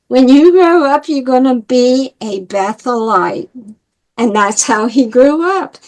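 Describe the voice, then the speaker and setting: An older woman from New York with a high voice, telling her life story. She acts out the dialogue of people she remembers, with plenty of animation. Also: low-quality recording. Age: 80s. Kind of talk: personal storytelling.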